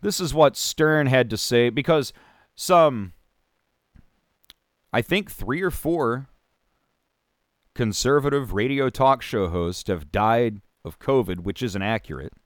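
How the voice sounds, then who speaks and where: A man's voice: medium pitch, lively intonation, slow pace, long pauses, no echo, studio quality. A man hosting a talk radio show, delivering a sarcastic, opinionated monologue with mocking put-on voices.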